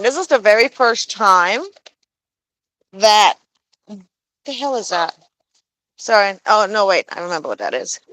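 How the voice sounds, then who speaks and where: Slow-talking woman chatting from her farm. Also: medium pitch, a bit bright, a little hiss or hum, rough recording. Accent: Texan. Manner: slow, rambling explanations with fillers. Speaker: pet goose keeper livestreaming. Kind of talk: casual live stream chat. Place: outdoors on a farm.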